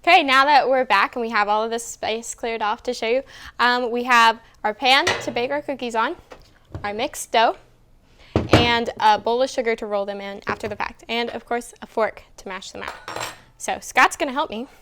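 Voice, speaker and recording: A woman's voice: fairly high pitch, moderate pace, background noise. A young woman co-hosting a casual student cooking show, explaining each step and teasing her partner. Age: young adult. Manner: bossy, teasing, explains steps.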